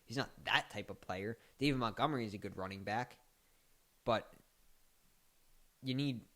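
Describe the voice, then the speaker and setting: A man giving casual sports commentary as a podcast host, chatty and joking, his voice climbing into animated, mocking outbursts. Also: on the low side, normal speed. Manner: chatty, laughs and mocks with rising animated outbursts.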